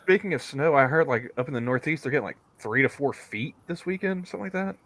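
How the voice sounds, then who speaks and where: A man's voice: on the high side, expressive, quick pace, a bit bright. A man co-hosting a podcast, rambling casually, repeating his words and laughing often. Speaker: podcast co-host. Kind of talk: casual chat.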